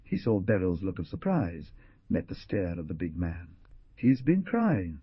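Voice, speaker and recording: A man's voice: sits low, moderate pace, husky, no echo. A man giving a dramatic, theatrical audiobook narration on a dull lo-fi recording. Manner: expressive, theatrical.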